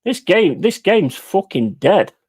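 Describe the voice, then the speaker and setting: Animated, swearing man ranting at football. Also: high voice, slow, slightly rough. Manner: furious, sweary ranting at the referee. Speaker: watch-along host. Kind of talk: live football reaction commentary.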